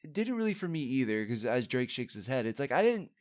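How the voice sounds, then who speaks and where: A man co-hosts a casual movie podcast, talking quickly and with great animation at a medium pitch. He rambles, breaks off his sentences, and leans on plenty of fillers.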